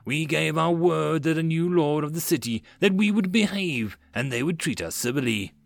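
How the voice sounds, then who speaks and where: A man's voice: a little high, normal speed, creaky, no echo, clean studio sound, voice pushed up. A man voicing an earnest, loyal male ex-slave who argues insistently.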